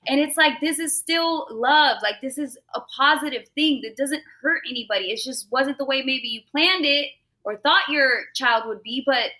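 A woman's voice: sits high, moderate pace, few pauses, bright, forceful tone. A woman co-hosting a podcast, talking earnestly and openly in a casual chat. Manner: earnest and open, thinking aloud. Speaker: podcast co-host.

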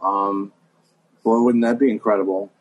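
A middle-aged man talks in a low voice as a guest, musing out loud and pausing on fillers. His delivery is relaxed and thoughtful. A faint hiss sits under the recording. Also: poor audio. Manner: hesitant, musing, with many fillers. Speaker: guest impressionist. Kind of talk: casual chat.

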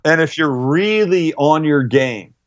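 A man's voice: a little high, expressive, slow, dull audio. A middle-aged man chatting casually on a radio show as a cooking guest, brash and profane, walking through recipes step by step.

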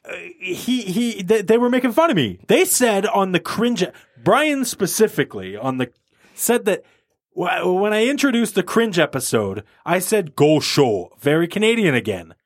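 A man's voice: sits high, very animated, normal speed, no room sound, studio quality. A man hosting a podcast, casual and joking, often self-mocking and laughing. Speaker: podcast host. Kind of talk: casual chat.

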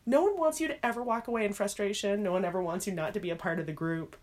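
A woman chatting casually as a podcast co-host, with a voice of middling pitch for a woman. She talks in an animated, expressive way, with bright swings of emphasis, and breaks into playful voices when she quotes people. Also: quick pace. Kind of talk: casual chat.

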